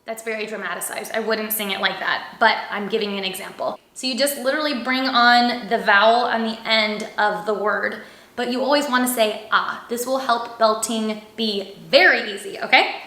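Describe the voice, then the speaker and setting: A woman's voice: on the high side, normal speed, sharp tone. A young woman teaching a singing lesson, upbeat and encouraging as she demonstrates exercises and keeps checking in with her students. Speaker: vocal coach. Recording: echoey room.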